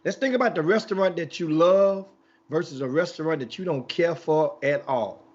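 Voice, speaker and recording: Male sports talk host, higher pitched, loose and rambling, heard on a lo-fi recording. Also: normal speed. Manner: rambling storyteller, animated, with many restarts.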